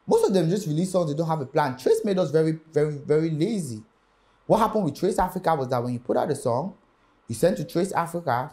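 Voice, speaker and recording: Brief: young male musician, lively interview storyteller who acts out the voices in his story. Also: a little high. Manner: animated storyteller acting out quoted voices. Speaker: music artist guest.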